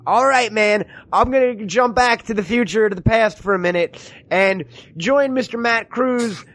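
Male podcast host, casual comedic chat, profane, joking, slightly high voice. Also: moderate pace, fairly bright tone. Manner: joking, profane, riffing impressions.

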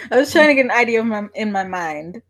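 A woman's voice: medium pitch, animated, a little fast. A woman interviewing someone in a casual chat, asking questions with a hesitant manner and plenty of fillers. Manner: hesitant, many fillers and restarts, soft laughs.

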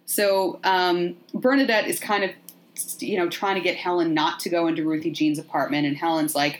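A woman hosting a podcast, chatting casually as she retells a film with playful, animated asides. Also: lowish voice, moderate pace. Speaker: podcast host.

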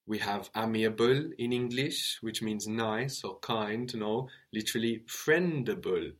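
A man's voice: fairly low pitch, a little slow. A man teaching a spoken language lesson, explaining patiently, spelling out words and checking in with a questioning "no?".

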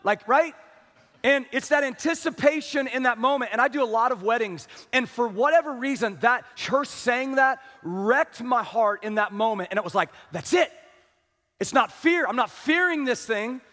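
A man's voice: very high voice, lively intonation, moderate pace, bright, forceful tone, long reverb tail. A middle-aged male pastor preaching an impassioned, conversational sermon full of rhetorical questions to his church. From small-town upbringing.

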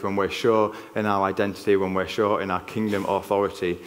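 Yorkshire man, preacher, somewhat low voice, earnest conversational sermon, reverberant hall. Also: little pitch movement, fairly quick. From Yorkshire, England. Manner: earnest, conversational, frequent restarts. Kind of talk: church sermon. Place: church hall. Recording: long reverb of a church hall.

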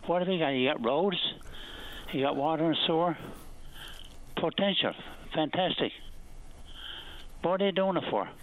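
A man's voice: a little high, lively intonation, moderate pace, pauses often. Man in his eighties, Newfoundland accent, radio caller, rambling storyteller, phone-line sound. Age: 80s. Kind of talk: phone-in call.

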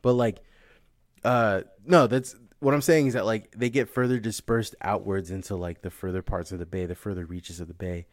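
Profane, animated man chatting. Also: lowish voice, normal speed, no room sound, clean studio sound. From California. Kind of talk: casual chat.

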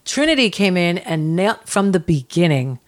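A woman's voice: on the low side, very animated, moderate pace. A woman co-hosting a podcast in casual chat, frank and emphatic, swearing freely as she gives her opinions. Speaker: podcast co-host.

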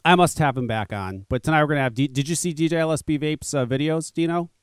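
A man's voice: a little high, fast, clean tone, no echo, studio quality. A man hosting a talk radio show, chatting casually in a rambling, profane way and laughing often.

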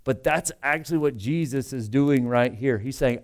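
A pastor preaching a sermon in a conversational, emphatic way, full of rhetorical asides. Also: male voice, medium pitch, normal speed.

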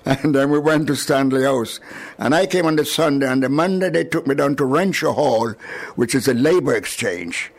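An older man from Jamaica with a Jamaican accent, recalling his arrival in an oral history interview with chuckles and lively retelling. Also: medium pitch, normal speed, vocal fry. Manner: chuckling, animated storyteller.

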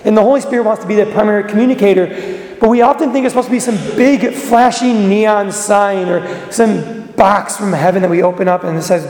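High, gravelly preacher in an echoey church. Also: male voice. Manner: earnest, exhortative, with sudden drops to a hush. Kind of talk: sermon. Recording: echoey church with long reverb.

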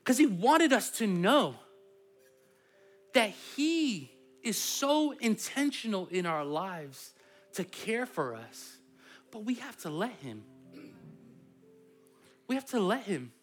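A pastor delivers a sermon with a lively, swooping voice that rises and falls freely. The delivery is conversational and playful, as though chatting with the congregation. A faint bed of music sits underneath. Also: medium pitch, takes it slowly, pauses often. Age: adult parent.

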